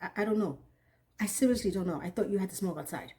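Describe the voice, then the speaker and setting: A woman giving a casual, animated TV episode recap, often acting out what she thought in an incredulous tone. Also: medium pitch, quick pace, slight background noise. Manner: animated, incredulous, acts out characters' lines. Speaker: TV recap reviewer.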